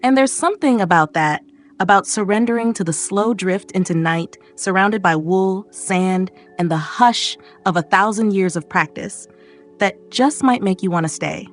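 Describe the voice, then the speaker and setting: A woman narrating a bedtime history story in a soft, calm, gently wry second-person voice, recorded on a close studio mic. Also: medium pitch, normal speed. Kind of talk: scripted sleep-story narration. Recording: narration over faint background music.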